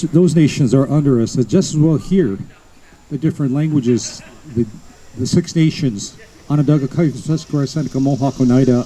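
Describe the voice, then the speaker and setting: A man's voice: medium pitch, mellow, slight background noise, low-quality recording. A man from the United States giving a lecture to an audience at an outdoor history event, telling stories and listing names one by one with small asides. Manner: storytelling, lists names slowly, with asides. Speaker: guest speaker at a history event.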